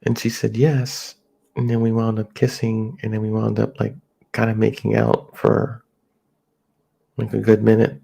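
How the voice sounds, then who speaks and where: A man's voice: lowish voice, monotone, measured pace, vocal fry, dark tone, breathy edge. A man casually telling a rambling personal story at home, slipping into his friends' voices as he quotes them. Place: home near a highway.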